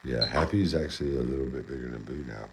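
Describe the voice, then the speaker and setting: Deep-voiced man coaxing his pet playfully. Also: fast talker, gravelly, noisy background. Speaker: pet owner and channel host. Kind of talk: casual vlog talk to a pet.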